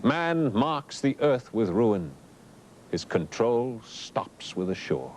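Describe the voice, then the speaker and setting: Man reading a sea poem, slow and low, faint rumble behind. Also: very animated, a little mellow. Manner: measured, solemn. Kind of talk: poetry recitation.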